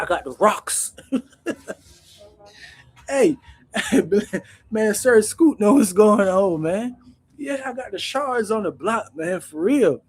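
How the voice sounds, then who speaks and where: Male host, husky and slightly high-pitched, animated slangy storyteller talking to camera. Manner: slangy, animated, peppers speech with "bro" and "man". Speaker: channel host recounting prison life.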